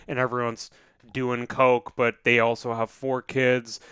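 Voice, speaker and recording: Male podcast co-host, smooth voice, rambling and jokey, swears freely, dry close mic. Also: medium pitch, completely flat delivery, a little slow, fairly bright tone, dry recording. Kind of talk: casual podcast chat.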